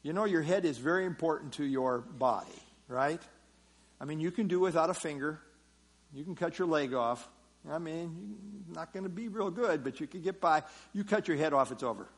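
A man's voice: on the high side, animated, moderate pace, slightly rough. Man teaching a Bible passage. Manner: explanatory, repeats key phrases, frequent "uh" fillers. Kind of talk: verse-by-verse sermon teaching.

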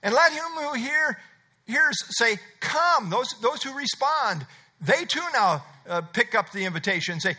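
A man's voice: high-pitched, animated, normal speed, bright, forceful tone, slightly rough. A middle-aged man preaching an expository sermon, emphatic and conversational, repeating his key phrases. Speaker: pastor.

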